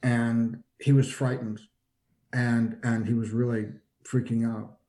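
A guest with a warm, mellow voice recounts something that happened to him in a relaxed, chatty way, though his delivery stays flat. His speech is halting, with frequent stops, restarts and repeated words while he collects his thoughts. When quoting other people, he raises his pitch to act out their lines.

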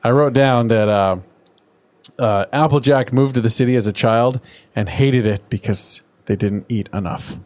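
A man's voice: mid-range voice, normal speed. Upbeat man chatting on a podcast. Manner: lively, jumps into playful character voices. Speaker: podcast co-host. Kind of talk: casual chat recapping a cartoon episode.

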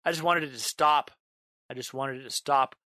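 A man narrating a first-person horror story, dramatic in delivery, drawing out a repeated line slowly and breaking into yelled outbursts. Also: mid-range voice, dry recording. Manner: dramatic, slows down on a repeated line, bursts into yelling.

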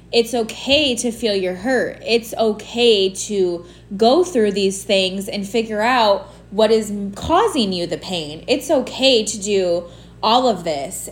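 A woman's voice: mid-range voice, a bit bright. A woman hosting a solo podcast, talking through her feelings in a candid, casual way, with lots of "like" and "you know". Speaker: podcast host. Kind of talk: reflective solo podcast monologue.

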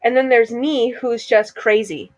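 A woman's voice: a little high, no room sound. Chatty young woman, dry sound. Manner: chatty, fast-flowing, laughs often. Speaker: podcast co-host. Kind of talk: casual chat.

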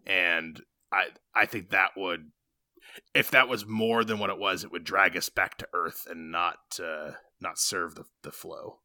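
A man's voice: low-pitched, a little slow, bright, forceful tone, no echo, clean studio sound. A man in casual conversation discussing a film, chatty with many fillers and restarts.

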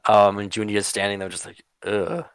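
Male game master, lowish voice, rambling casual narration, dry close mic. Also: steady tone, a little fast, fairly bright tone, no echo. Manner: rambling with many fillers and swearing.

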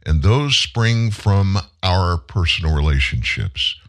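A man in his seventies hosting a show, telling a personal story in an earnest, heartfelt way and pausing for emphasis. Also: deep voice, lively intonation. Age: 70s. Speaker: show host. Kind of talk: personal monologue on a live commentary show.

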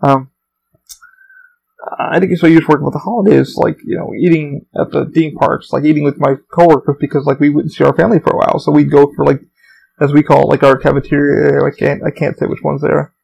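A man's voice: a little high, flat delivery, fast talker, vocal fry, a little mellow, a little hiss or hum, low-quality recording. A young man hosting a podcast, telling meandering stories in a casual, profane way. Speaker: podcast host. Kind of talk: rambling casual monologue.

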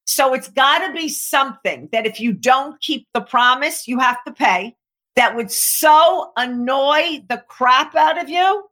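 In coaching talk aimed at an interviewer, a woman with a slightly high voice tells stories, acting out the quotes along the way. She's emphatic and lively, and she slows down when stressing her main points.

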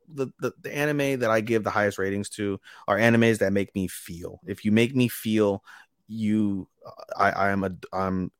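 A man co-hosting a casual anime podcast, retelling scenes with animated quoted lines. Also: on the low side, moderate pace, clear, resonant tone, no echo, clean studio sound. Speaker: podcast co-host.

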